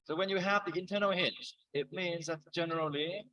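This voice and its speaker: A man's voice: sits high, brisk, sharp tone, low-quality recording. A middle-aged man lecturing a university engineering class live, mixing explanation with chatty, joking asides.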